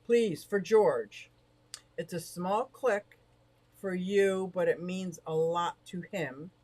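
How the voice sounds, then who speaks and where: A woman's voice: fairly low pitch, darkish tone. A middle-aged woman hosting a casual livestream from beside her fish tank, chatting in a bubbly, rambling way and reading out viewer comments. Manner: bubbly, rambling, quick to laugh. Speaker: livestream host of an aquarium shop.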